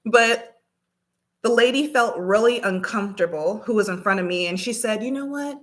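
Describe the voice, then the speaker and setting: A woman vlogger telling a story casually, acting out the dialogue with lively energy. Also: mid-range voice, moderate pace. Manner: animated, acts out dialogue.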